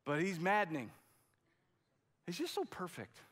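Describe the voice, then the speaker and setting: A man delivers a sermon in an earnest, conversational way, leaning hard on key words and restarting sentences as he goes. His voice sits a little higher than most men's. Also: wildly swooping pitch, unhurried, fairly bright tone, husky. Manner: conversational, emphatic preaching with frequent restarts. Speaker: pastor.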